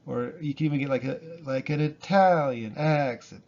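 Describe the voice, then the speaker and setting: Man, teacher, gravelly husky voice, relaxed explaining, dull lo-fi recording. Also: a little high, moderate pace, hardly any pauses. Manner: relaxed, explains with fillers and repetition. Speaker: Spanish teacher. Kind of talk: casual spoken lesson.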